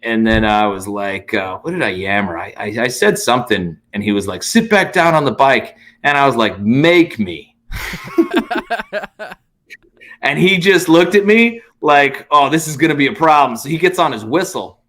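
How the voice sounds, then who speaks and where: A man, a comedian guest on a podcast, telling a story in casual chat, animated and profane, acting out both sides of an exchange. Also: mid-range voice, a little slow. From United States.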